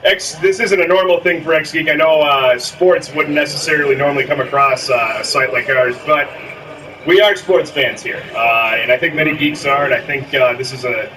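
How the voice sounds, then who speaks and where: A man's voice: fairly high pitch, normal speed, distant mic, background noise. A man in his thirties with a Minnesotan accent, hosting a gameplay video and joking around. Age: 30s. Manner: jokey, plays up a hammy local accent. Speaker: gaming video host. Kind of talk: casual gameplay commentary.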